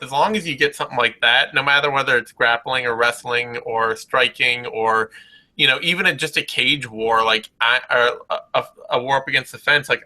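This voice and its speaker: A man's voice: mid-range voice, bright, forceful tone, poor audio. A man co-hosting a casual post-fight chat, blunt and emphatic, swearing freely as he breaks down the bouts. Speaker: co-host.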